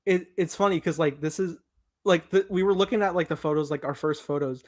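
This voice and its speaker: Man, casual film chat, upbeat, laughs a lot, somewhat high voice. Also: brisk. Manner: excited, laughing, swearing. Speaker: podcast host. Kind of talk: casual movie review chat.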